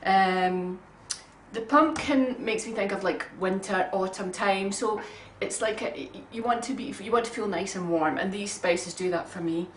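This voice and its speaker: A woman giving a relaxed, homely cooking demonstration in her kitchen, chatting along with frequent ums. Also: medium pitch, measured pace, slight background noise. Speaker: home cook. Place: home kitchen. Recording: roomy kitchen sound from a distant mic.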